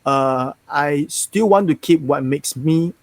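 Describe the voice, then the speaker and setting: A man's voice: fairly high pitch, slow pace, dry recording. A young man with a neutral Singaporean English accent, a Mandarin native speaker, talking frankly as a guest actor in a casual interview. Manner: frank, animated, many restarts.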